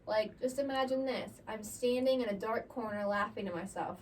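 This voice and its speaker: A woman's voice: on the high side, moderate pace. A young woman co-hosting a podcast in a playful, giggly manner, reading aloud from an article and chatting casually. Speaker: podcast co-host. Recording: slightly distant mic with faint background noise.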